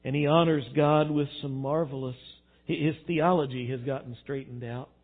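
A man preaching a sermon, animated, swinging between quiet reflection and loud emphasis. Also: medium pitch, normal speed. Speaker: pastor. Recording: tinny phone-like sound.

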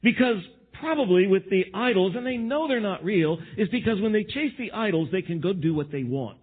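A man's voice: high-pitched, lively intonation, fairly quick, husky, phone-quality sound. A man preaching a sermon to his congregation, acting out the voices of others as he talks. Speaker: pastor.

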